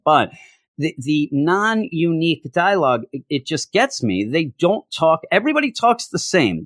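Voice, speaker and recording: A man's voice: on the high side, no echo, studio quality. A man casually reviewing a comic book, sarcastic, reading out lines in mocking voices.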